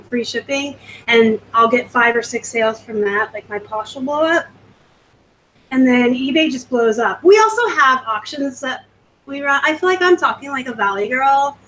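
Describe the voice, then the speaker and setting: A woman's voice: fairly high pitch, fairly bright tone, slight background noise, low-quality recording. Chatty woman hosting a live stream. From West Coast of the US. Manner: chatty, rambling, casual. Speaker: host. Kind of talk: live-stream chat answering viewer comments.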